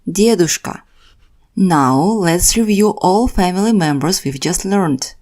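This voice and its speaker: Very slow, careful woman teacher. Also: medium pitch. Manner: careful, deliberate pronunciation with repeated words. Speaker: language teacher. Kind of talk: slow scripted vocabulary lesson.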